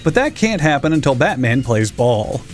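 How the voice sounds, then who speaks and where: A man's voice: mid-range voice, very animated, moderate pace. A man giving sarcastic, profane comedic commentary as a comic reviewer, mocking the story and playing characters in silly parody voices.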